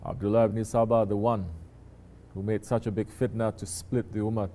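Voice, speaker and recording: Man, sheikh, sermon, mellow tone, conversational, addresses listeners. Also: lowish voice, flat delivery. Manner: slow, conversational teaching with asides to listeners. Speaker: sheikh teaching disciples.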